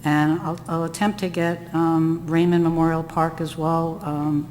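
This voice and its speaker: Woman, low flat voice, hesitant committee report, echoey hall recording. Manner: halting, many ums, slow and hesitant. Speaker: trail adopter volunteer coordinator. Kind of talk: committee meeting discussion. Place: town meeting room. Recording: distant room mic, echoey hall, faint noise.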